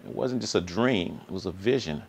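Low-voiced man telling a story earnestly. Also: brisk, vocal fry. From Sacramento area. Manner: earnest, repetitive, slangy, voice climbs high when excited. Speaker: vlog host. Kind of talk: casual personal storytelling.

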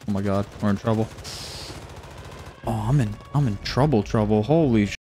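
A man streaming live gameplay, joking around, swearing casually and breaking into whooping shouts. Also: lowish voice, normal speed, long pauses, a little hiss or hum. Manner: swears casually, talks to chat. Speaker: gaming streamer.

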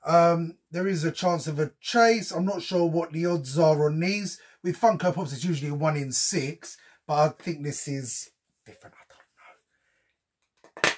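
A man's voice: on the high side, normal speed, slightly rough. A man chatting casually as he unboxes a collectible for his channel, with frequent ums and slang. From United Kingdom. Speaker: unboxing vlogger.

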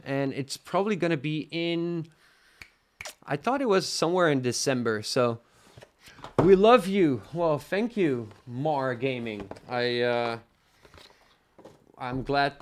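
A young Dutch man with a faint Dutch accent, hosting a casual live product review and chatting with viewers, rambling with lots of fillers. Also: on the high side. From Netherlands. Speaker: tech livestream host.

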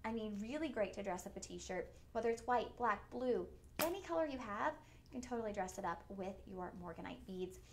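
A woman's voice: medium pitch, animated, a little fast, background noise. A woman hosting a live shopping stream, chatty, upbeat and a bit goofy. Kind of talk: live-stream jewelry selling. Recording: echoey studio room.

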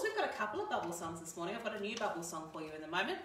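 A woman's voice: medium pitch, sing-song, rapid-fire, bright, forceful tone, a little hiss or hum. A woman leading a livestreamed baby and toddler singing session, talking in a cheery, sing-song way to little ones and their parents. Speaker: library children's session presenter. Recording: echoey room, voice from a distance.

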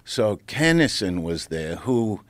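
A middle-aged man holds the floor with a crude, animated anecdote. His pitch leaps and dips as he acts out the people in it. The studio sound is dry and close. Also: slow pace, no room sound. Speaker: guest comedian. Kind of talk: casual storytelling. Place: podcast studio.

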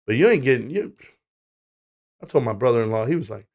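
A man's voice: mid-range voice, lively intonation, brisk, darkish tone. Rambling, swearing man on a livestream. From United States. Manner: rambling, swearing, laughing storyteller. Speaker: livestream host. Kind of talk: casual livestream chat.

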